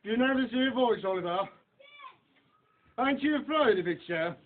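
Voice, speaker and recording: Pompous blustering beadle. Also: male voice, lively intonation, normal speed, a little hiss or hum. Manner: booming, menacing. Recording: tinny old film soundtrack.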